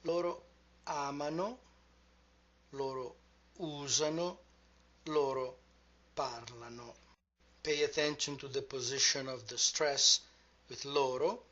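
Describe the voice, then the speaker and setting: A man teaching a grammar lesson, patient and measured, spelling out each form. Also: mid-range voice, steady tone, pushed and bright. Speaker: language teacher. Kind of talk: slow, deliberate grammar lesson. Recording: dull lo-fi sound.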